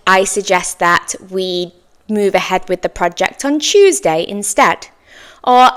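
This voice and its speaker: A woman teaching an English lesson, speaking slowly and clearly with encouraging praise and exaggerated intonation for learners to repeat. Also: fairly high pitch, a bit bright.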